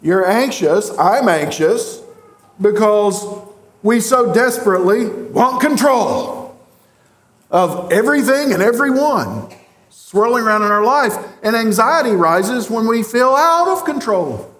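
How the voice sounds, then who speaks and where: A man's voice: sits high, lively intonation, measured pace, a bit bright. A man preaching a sermon as pastor, speaking earnestly and directly to his congregation in a church sanctuary.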